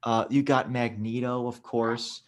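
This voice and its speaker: A man's voice: mid-range voice, little pitch movement, a little slow. A young man co-hosting a casual chat, rambling and restarting his sentences often. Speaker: podcast co-host.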